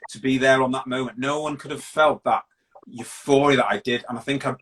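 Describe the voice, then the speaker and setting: Appearing as an interview guest, a middle-aged man from Britain recounts his story frankly and bluntly, frequently stopping and starting again. He speaks at medium pitch with a steady, fairly bright tone, though the audio is poor.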